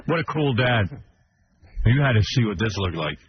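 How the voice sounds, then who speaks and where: A man hosting a radio show, telling animated stories in casual studio chat and mimicking his parents. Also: mid-range voice, normal speed, lo-fi sound, heavy background noise.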